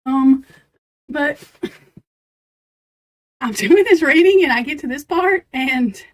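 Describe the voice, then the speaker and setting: A high-pitched woman hosting a live tarot reading, talking straight to her viewers in a loose, casual way. She sounds flustered and giggly, and laughter breaks into her lines as she goes. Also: animated, takes it slowly. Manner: talks straight to viewers and chat. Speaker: tarot reader on a live stream.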